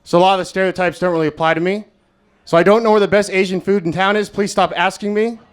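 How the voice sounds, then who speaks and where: High-voiced young comedian. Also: male voice, fast talker, clear, resonant tone. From United States. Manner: crude, deadpan, self-mocking delivery. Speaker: stand-up comedian. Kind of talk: stand-up comedy set. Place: comedy club stage, Las Vegas.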